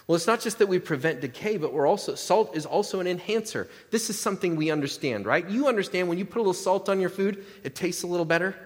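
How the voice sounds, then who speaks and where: A man's voice: high-pitched, expressive, quick pace, hardly any pauses. Joking, questioning man preaching in a hall. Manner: conversational preaching with humor and rhetorical questions. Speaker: pastor. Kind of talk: sermon. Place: church sanctuary.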